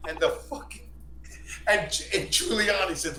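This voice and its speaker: A man's voice: on the high side, lively intonation, normal speed, crowd noise. Profane, rambling man telling stories in an echoey room. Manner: profane, rambling, repeats himself. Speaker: stream guest. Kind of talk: casual storytelling. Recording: echoey room with faint hum.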